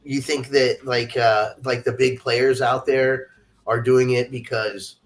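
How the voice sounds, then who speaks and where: A man's voice: mid-range voice, flat delivery, slow. A man hosting a podcast in casual conversation, swearing freely and filling his talk with "you know" and "like". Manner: casual and profane, stacks fillers like "you know" and "like". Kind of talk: casual chat. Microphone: remote call mic.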